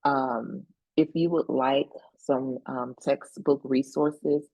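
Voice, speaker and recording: A woman with a notably low voice speaks plainly as a panelist on a video call. Her manner is direct and reflective. The recording is dry and close. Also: fairly even intonation, takes it slowly, warm tone, no echo, poor audio. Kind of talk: casual panel conversation.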